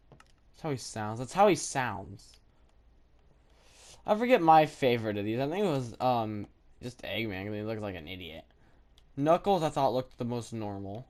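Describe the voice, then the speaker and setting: A woman giving chatty, rambling commentary over her own gameplay, thinking aloud with lots of fillers and sudden bursts of excitement. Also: rumbling low. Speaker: gaming video creator.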